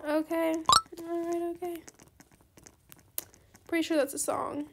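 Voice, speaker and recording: A woman hosting a casual gaming video, chatty and excitable, politely turning down trade offers as she plays. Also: very high-pitched, measured pace, gravelly, pauses often, slight background noise. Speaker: gaming channel host. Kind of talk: casual gameplay commentary.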